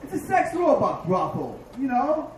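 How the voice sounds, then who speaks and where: Crude male comic with lively pitch swings; roomy, far-off bar recording. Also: normal speed. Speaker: stand-up comedian. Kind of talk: stand-up comedy set. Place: dive bar stage. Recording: echoey bar from far off, faint noise.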